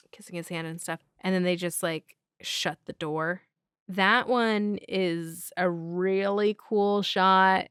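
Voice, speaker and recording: A woman hosting a podcast, recapping a film in a casual, excitable way, swearing often and laughing between lines. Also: fairly low pitch, smooth, dry recording, clean studio sound. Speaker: podcast host.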